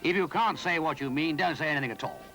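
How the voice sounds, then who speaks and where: A man's voice: fairly high pitch, lively intonation, bright, forceful tone, faint music behind, pitched above the performer's own voice. A man playing Big Ears, a cross bossy brownie. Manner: brisk and bossy.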